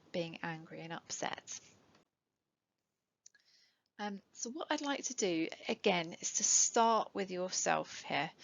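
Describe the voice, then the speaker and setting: In dull, lo-fi webinar audio, a middle-aged woman with a fairly low, fairly bright voice addresses parents. An educational psychologist, she keeps the talk conversational, with many ums and some light laughter.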